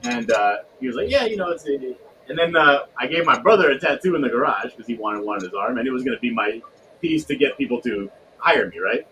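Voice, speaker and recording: A man's voice: mid-range voice, quick pace. A man telling loose, swearing anecdotes in casual podcast chat, acting out the people he quotes. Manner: animated, swears freely, acts out quotes in raised voice. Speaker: podcast guest. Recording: distant mic with faint noise.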